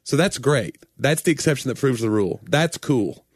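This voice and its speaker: A man in casual comedic chat, jokey and ranting. His pitch leaps around with lively energy. The sound is dry, with no room echo. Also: moderate pace, slightly rough. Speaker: podcast co-host.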